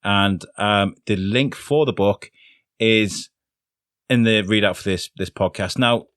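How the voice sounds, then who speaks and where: A man's voice: on the low side, slow, fairly bright tone, dry recording, clean studio sound. A man hosting a podcast, talking casually and poking fun at himself, with plenty of fillers. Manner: chatty and self-deprecating, lots of fillers. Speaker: podcast host. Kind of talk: casual solo podcast intro.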